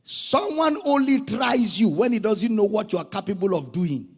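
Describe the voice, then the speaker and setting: In an echoing church hall, a pastor with a Nigerian accent calls out to his congregation during a dramatic, animated sermon. His voice is high, gravelly and husky, and he talks at normal speed.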